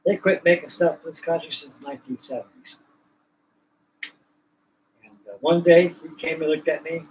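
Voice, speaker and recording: A man's voice: fairly high pitch, steady tone, moderate pace, a little hiss or hum, rough recording. A man hosting a livestream, chatting casually in a folksy, rambling, colloquial way. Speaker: livestream host. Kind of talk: casual chat.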